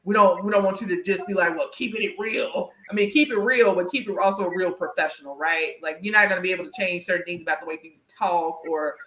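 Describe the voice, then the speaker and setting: Chatty Southern woman with a bright voice. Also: lowish voice, fast, hardly any pauses, reverberant, low-quality recording. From Southern United States. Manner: chatty, emphatic, often adds "right?". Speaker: podcast host and career coach. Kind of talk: conversational interview.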